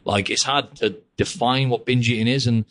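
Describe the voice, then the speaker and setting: A young man living in Australia hosts a podcast in a mid-range, steady voice at normal speed, with a slightly bright quality. He rambles casually, saying "mate" and "like" a lot.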